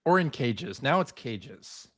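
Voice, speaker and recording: A man's voice: mid-range voice, very animated, takes it slowly. A man hosting a podcast in casual chat, laughing often as he loosely relays news. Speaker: podcast host.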